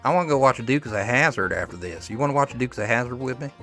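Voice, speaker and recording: A man's voice: mid-range voice, lively intonation, fast, a bit bright, soft background music, lightly acted. A man voicing a cheeky Appalachian pickle sidekick. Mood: impatient. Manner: teasing, chatty country drawl. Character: cheeky bearded hillbilly pickle sidekick, male.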